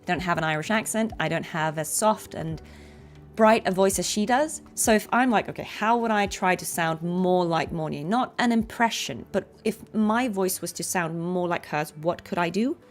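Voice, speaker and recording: A woman's voice: medium pitch, normal speed. Chatty woman streamer explaining voices. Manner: explanatory, self-deprecating, chatty. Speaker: streamer, voice actor. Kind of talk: casual stream chat.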